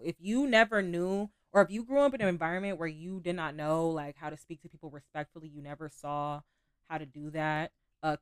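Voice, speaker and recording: Candid young woman podcaster, smooth voice. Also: on the low side, no room sound, studio quality. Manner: candid, conversational, swears casually. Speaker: podcast host. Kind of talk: casual relationship talk.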